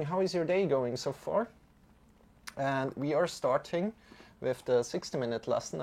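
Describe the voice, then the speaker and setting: A man's voice: medium pitch, creaky. A man teaching a live-streamed mantra lesson, talking in a casual, chatty way with many fillers.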